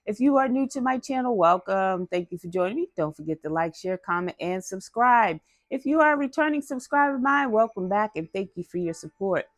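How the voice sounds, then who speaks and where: A woman reading cards for her channel in a casual, chatty way, with slang in her talk. Her voice sits at a middle pitch. It sounds dry and close, with no room echo. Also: animated, fairly quick, hardly any pauses. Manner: chatty, drops into slang, talks to viewers directly. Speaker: tarot reader. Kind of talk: casual spiritual card reading.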